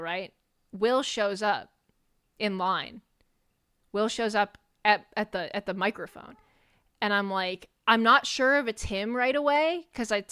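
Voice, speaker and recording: A young adult woman streamer telling a story in a casual, animated way, with frequent swearing and rambling asides. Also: medium pitch, clear, resonant tone. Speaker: VTuber streamer.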